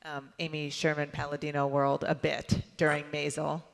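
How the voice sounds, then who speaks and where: A woman interviewing a guest on stage, asking brisk questions. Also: deep voice, monotone, gravelly, slight background noise. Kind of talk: onstage interview. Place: large event hall. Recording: long hall reverb.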